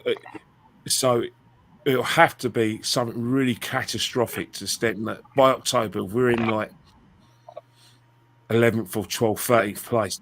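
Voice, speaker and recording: A man on a fan panel, reasoning through his points in a measured way. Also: on the low side, a little hiss or hum. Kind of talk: football fan panel chat.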